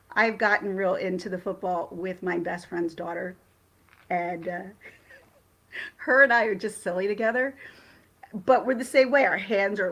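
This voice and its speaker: A woman hosting a casual livestream, chatting excitably and rambling with frequent restarts. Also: mid-range voice. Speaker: livestream host.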